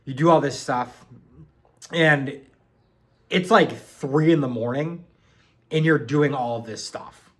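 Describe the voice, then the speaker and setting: A young man telling a story in a casual, rambling way, full of fillers and swearing. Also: a little high. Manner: rambling, lots of "like" and "um", swears freely. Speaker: vlogger recounting boot camp.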